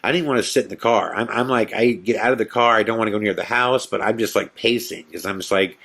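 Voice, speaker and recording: A man hosting a podcast, telling a tense personal story in a casual, animated way and acting out the quotes. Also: fairly quick, vocal fry. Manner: animated storyteller, acts out quotes in a whisper and excited high voice. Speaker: podcast host.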